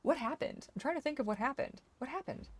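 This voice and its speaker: A young woman streamer giving casual gameplay commentary, chatty, swearing freely and exclaiming loudly at the game. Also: sits high, expressive, fast talker, slightly rough, no echo. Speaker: gaming streamer.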